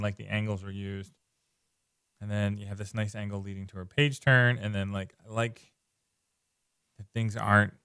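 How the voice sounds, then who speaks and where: An excitable man talks through comic art page by page in a loose, rambling way. His voice sits fairly low and sounds smooth and clean. The recording is dry and close, with no room sound. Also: no echo. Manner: enthusiastic, loose, repeats words, lots of "like". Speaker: comic book reviewer. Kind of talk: casual page-by-page comic commentary.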